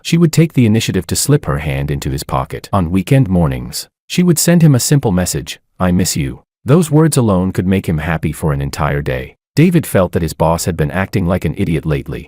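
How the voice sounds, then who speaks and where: A man's voice: low-pitched, a little mellow, no room sound, studio quality. A man reading a romance story aloud, voicing every character's lines in his own voice. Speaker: narrator. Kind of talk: scripted romance narration.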